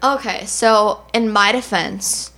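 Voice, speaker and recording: A woman's voice: mid-range voice, slow, bright, forceful tone. Young woman telling a story animatedly. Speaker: guest. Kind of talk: casual storytelling.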